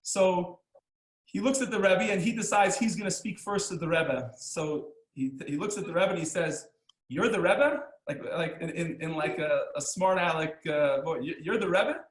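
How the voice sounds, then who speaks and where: A man teaching a class as a rabbi, telling stories and jokes in an animated, chuckling way, acting out the lines of the people in them. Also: a little high, normal speed, roomy sound, low-quality recording. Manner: animated, chuckling storyteller who acts out the characters' lines. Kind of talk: storytelling lesson with jokes.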